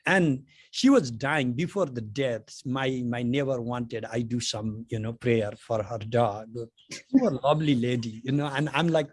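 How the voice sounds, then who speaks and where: A man's voice: medium pitch, measured pace, husky. A middle-aged man, a spiritual teacher, giving a conversational philosophy lecture full of anecdotes and "you know" fillers.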